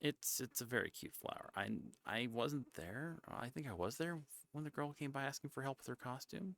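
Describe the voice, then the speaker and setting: A male streamer chats in a rambling, gravelly voice that swings widely in pitch. He keeps cutting himself off, slips now and then into hushed asides, and the sound is close and dry. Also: expressive, moderate pace, no room sound. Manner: rambling, self-interrupting and chatty. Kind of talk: casual chat.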